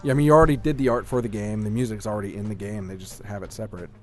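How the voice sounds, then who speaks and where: A man co-hosting a casual gaming podcast, rambling with lots of fillers and getting excited about what he likes. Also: fairly low pitch, very fast, soft background music. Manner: rambling, filler-heavy, enthusiastic. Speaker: podcast co-host. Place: home room with a shelf of collectibles.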